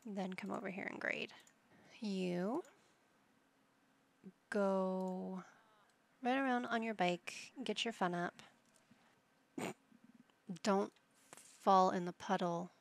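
A woman's voice: mid-range voice, steady tone, takes it slowly, vocal fry, long pauses. A woman giving casual commentary over her life-simulation gameplay, chatting to her game characters as she plays. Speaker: gameplay channel host.

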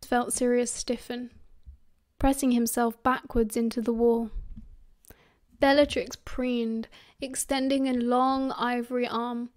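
A woman's voice: on the high side, slow. British woman reading a story aloud. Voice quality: reads all parts with lively character voices. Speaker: audiobook narrator. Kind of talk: fan audiobook reading.

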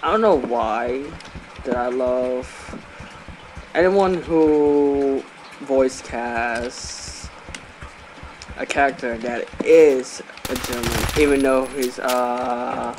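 A gaming host giving casual, playful commentary over a match, swearing and laughing now and then. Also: medium pitch. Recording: loud game noise behind.

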